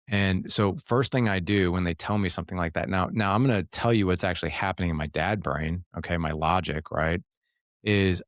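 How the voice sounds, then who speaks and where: A man's voice: deep voice, steady tone, brisk, no room sound, clean studio sound. A middle-aged man as a podcast guest, coaching fathers in an earnest, casual way, often repeating words and saying man and dude.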